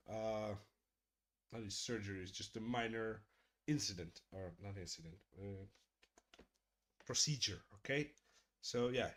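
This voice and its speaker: A middle-aged man hosting a casual live stream, chatting with viewers in a joking, profane way and murmuring softly to his cat. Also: fairly low pitch, a little slow, breathy edge. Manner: profane, joking, addresses chat directly; drops to soft murmurs talking to his cat. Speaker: streamer hosting a creator hangout.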